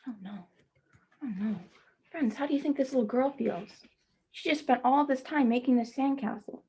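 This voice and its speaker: A woman teacher reading a children's picture book aloud, stopping to gently ask her young listeners questions. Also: high voice, normal speed, long pauses, breathy edge. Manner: speaks to children as "friends".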